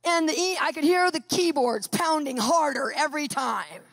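A woman telling a personal story in a sermon, lively and animated, acting out what people said. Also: sits high, moderate pace, no room sound. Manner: lively, animated storyteller who acts out quotes. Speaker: Christian speaker.

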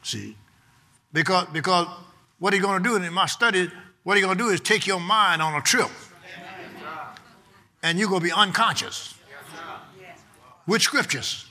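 A man preaching a sermon with fervent, rhythmic repetition and folksy phrasing. He rises to shouted peaks at times. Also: high-pitched, moderate pace, pauses often.

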